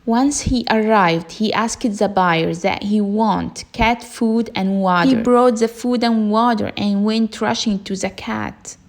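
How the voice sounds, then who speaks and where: Woman narrator for kids' bedtime stories, slow delivery, slight fry. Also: medium pitch. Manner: slow, simple storybook reading. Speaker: storyteller.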